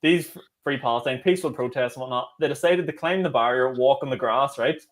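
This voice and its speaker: A young Northern Irish man co-hosting a podcast, telling stories in rapid casual chat, swearing and acting out quotes. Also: medium pitch. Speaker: podcast co-host.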